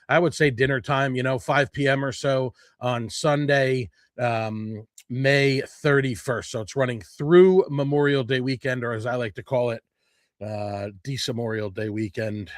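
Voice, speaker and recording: A man of middle pitch chats through a food event update in a loose, unscripted way. He fills the gaps with ums and corrects himself as he goes. The sound is dry and close, with no room around it. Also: measured pace, dry recording. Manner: rambling, filler-heavy, self-correcting. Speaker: food blogger host. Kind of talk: casual update to followers. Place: his home.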